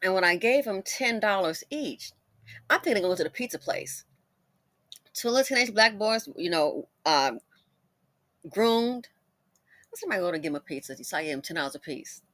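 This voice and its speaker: A middle-aged woman tells her own stories in a loose, chatty commentary, laughing freely along the way. Her voice is bright and forward, and her pitch swings widely from phrase to phrase. The recording is close and dry, with no room sound around her. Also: lively intonation, moderate pace, long pauses, dry recording. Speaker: commentator host. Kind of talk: casual storytelling commentary.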